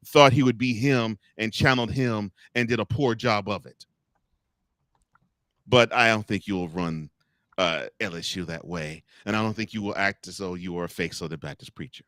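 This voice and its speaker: A man co-hosting a sports talk show, ranting in a mocking, animated way straight at the people he talks about. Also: lowish voice, no echo, clean studio sound. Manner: animated, mocking rants addressed to coaches. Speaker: podcast co-host.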